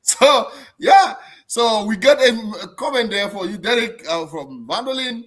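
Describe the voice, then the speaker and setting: Lively, bright-voiced man hosting a live stream. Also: extremely high pitch, a little slow. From abroad, not German-born. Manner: animated, repeats words and restarts often. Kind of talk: casual live-stream chat.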